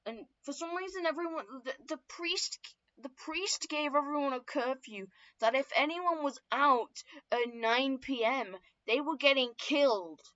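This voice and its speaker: A woman's voice: high-pitched, measured pace, fairly bright tone. A young woman casually telling her own story lore, swearing often and stumbling through fillers and self-corrections. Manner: profane, rambling, many fillers and self-corrections. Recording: dull lo-fi recording.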